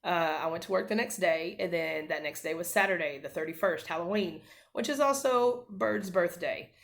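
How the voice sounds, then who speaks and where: A woman's voice: on the low side, normal speed, vocal fry. A woman in her thirties, a mother, earnestly telling a family story to camera, with many fillers and restarts.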